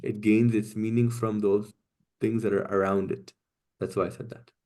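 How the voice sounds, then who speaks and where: A man teaching a Quranic Arabic class, explaining grammar patiently, often checking with "right?" and "okay?", and reciting verses quickly. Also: on the low side, little pitch movement, mellow.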